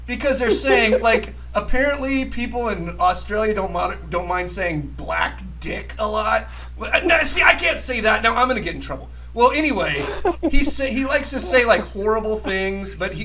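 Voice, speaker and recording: A man's voice: high-pitched, expressive, moderate pace, sharp tone, slight background noise, rough recording. A man hosting a poker talk show, rambling and profane, arguing emphatically and laughing often. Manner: emphatic, argumentative. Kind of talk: casual chat.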